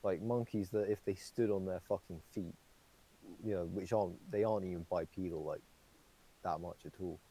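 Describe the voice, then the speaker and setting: A man's voice: sits low, fairly even intonation, moderate pace, mellow, slightly rough, rough recording. A young man co-hosting a podcast, rambling through casual chat with lots of fillers and swearing. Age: young adult. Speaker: podcast co-host.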